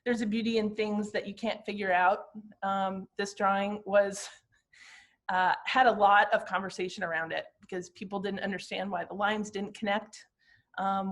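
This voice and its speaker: Reflective woman in her fifties, halting. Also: medium pitch. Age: 50s. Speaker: glass artist presenting her work. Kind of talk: talking through slides of her artwork.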